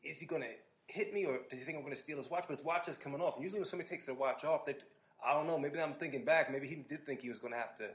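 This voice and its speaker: A man hosting a podcast, telling an animated, casual story full of restarts and asides. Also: fairly high pitch, rapid-fire. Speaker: podcast host.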